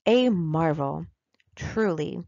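A woman's voice: low voice, expressive, slow pace, vocal fry, a little mellow, dry recording, highs cut off, full character voice. A woman reading aloud, voicing an uneasy, irritable young Puritan man.

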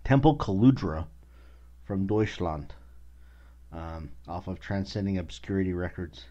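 A man with a very low voice hosts a podcast and rants with anger, cursing in nearly every line. The audio sounds dull and lo-fi. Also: unhurried, mellow. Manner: angry, swears constantly. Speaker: podcast host. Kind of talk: casual profane rant.

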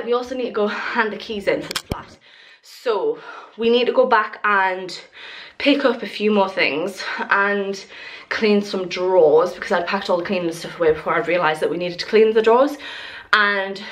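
A young woman in her twenties records a casual vlog as she moves around her half-unpacked house. She talks in a mid-pitched voice and rambles, filling pauses with "like" and small restarts. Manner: chatty and rambling, many "like" fillers. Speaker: lifestyle vlogger. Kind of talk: casual vlog chat to camera. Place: indoors in a newly moved-into house.

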